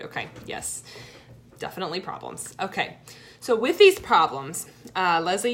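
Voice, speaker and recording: A woman's voice: mid-range voice, fairly bright tone, a little hiss or hum. A young adult woman coaching viewers in a live-streamed talk, chatty and encouraging, often checking in with "right?".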